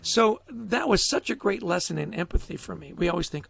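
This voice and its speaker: Guy guest on a chat show, high voice, kinda raspy, keeps repeating words and laughing, real animated. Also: moderate pace, few pauses. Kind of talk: casual interview storytelling.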